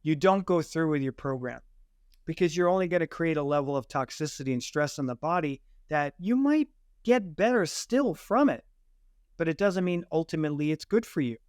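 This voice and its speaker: Male guest expert, higher pitch, smooth, assertive teacher, dry mic. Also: brisk, no echo. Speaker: guest breathing coach. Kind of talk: explanatory interview answers.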